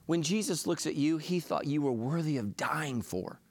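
Middle-aged pastor guy preaching, a bit high-pitched, jokey and self-deprecating then fired up. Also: lively intonation, moderate pace, a little mellow. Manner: confessional and self-deprecating, building to impassioned preaching. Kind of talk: sermon.

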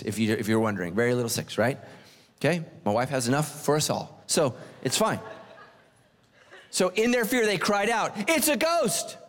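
Man, middle-aged pastor, sermon, animated and humorous, long echoing church reverb. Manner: animated, joking, swings pitch for emphasis. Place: church sanctuary.

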